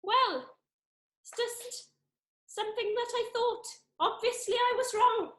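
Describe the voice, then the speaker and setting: A woman's voice: very high-pitched, slow pace, a bit bright, full character voice. A woman with a South Wales accent playing a nervous suspect in a live improv comedy, anxious and pleading. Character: nervous woman suspect hiding out at a food festival. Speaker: improv performer. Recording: echoey room over a video call.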